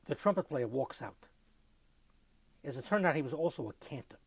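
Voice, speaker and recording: An older man giving an oral history interview, telling lively anecdotes and mimicking music with his voice. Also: medium pitch, moderate pace, vocal fry, slightly rough, no echo.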